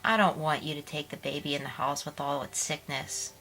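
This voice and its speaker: A woman voicing a spirited young woman in love, in a tender, lively way. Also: deep voice, brisk, full character voice, low-quality recording. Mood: frank. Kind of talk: audiobook character reading.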